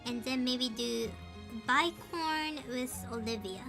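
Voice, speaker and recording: A woman's voice: high-pitched, slow, gravelly, music in the background. A woman hosting a casual live drawing stream, switching between Japanese and English and laughing often as she chats. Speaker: live-stream artist and host.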